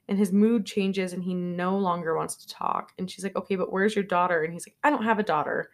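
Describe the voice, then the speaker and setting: A woman's voice: on the low side, fairly even intonation, quick pace, vocal fry, hardly any pauses. A young woman co-hosting a podcast, recapping a movie in casual chat, rambling along with lots of filler words. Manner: rambling, filler-heavy storytelling, many "like"s. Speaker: podcast co-host.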